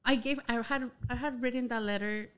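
A young woman casually telling a personal story, chatty and animated, with a lot of "like" filler. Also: on the high side, brisk, clear, resonant tone. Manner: chatty, heavy use of "like" filler, animated retelling.

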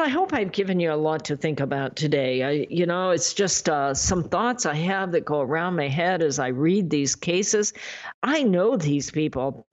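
A woman's voice: lowish voice, darkish tone, highs cut off. A woman hosting a talk show, speaking earnestly in a folksy, pleading way as she wraps up. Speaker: show host. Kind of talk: talk radio closing remarks.

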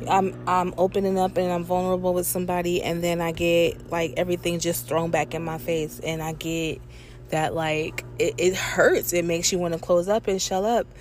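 Candid woman podcaster, slightly low voice. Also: little pitch movement, moderate pace, a little hiss or hum. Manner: candid and emotional, with frequent fillers and laughs. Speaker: podcast host. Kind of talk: casual personal podcast monologue. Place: at work near an airport on lunch break, planes overhead.

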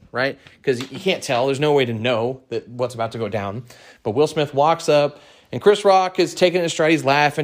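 A young man hosting his own podcast, talking alone in a casual, blunt and heavily profane rant. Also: medium pitch. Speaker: podcast host.

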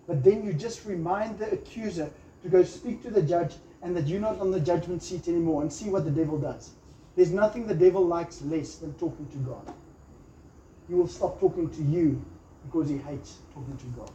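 A man's voice: on the high side, dark tone, slight background noise. A man preaching a sermon emphatically, acting out little quotes and prayers. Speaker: pastor. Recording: echoey room, slightly dull sound.

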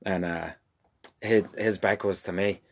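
An Irish man with a very deep voice tells stories in a casual co-hosted chat. He jokes at his own expense and laughs easily, keeping it loose and friendly. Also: steady tone, a little slow, vocal fry. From Ireland. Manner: joking, laughs a lot, self-deprecating. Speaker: podcast co-host.

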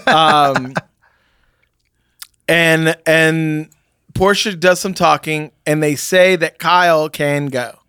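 A man's voice: fairly high pitch, extremely slow, long pauses, pushed and bright, clean tone, dry recording, clean studio sound. Rambling man telling a story. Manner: rambling storytelling with many fillers and restarts. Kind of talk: casual chat, anecdote.

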